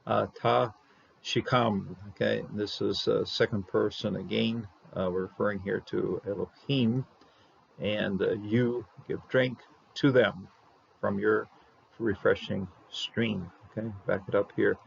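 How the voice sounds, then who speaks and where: A man teaching a Hebrew Bible passage word by word, halting with many fillers and sounding out the Hebrew slowly. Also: lowish voice, steady tone, gravelly, slight background noise. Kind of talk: verse-by-verse Hebrew lesson. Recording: dull lo-fi sound.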